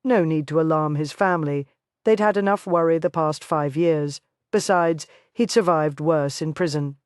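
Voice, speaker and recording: Dry, steady audiobook narrator. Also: mid-range voice, moderate pace, clean tone, no echo. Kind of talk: scripted narration of a Western romance.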